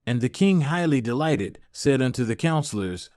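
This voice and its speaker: A man narrating an audiobook of an old epic translation in a measured, even reading. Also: mid-range voice, no room sound, studio quality.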